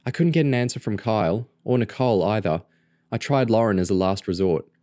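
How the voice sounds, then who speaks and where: A man's voice: fairly low pitch, a little fast, mellow, no echo, studio quality, pitched above the performer's own voice, lightly acted. A man voicing a bossy, determined teenage girl agent who talks in urgent, clipped commands.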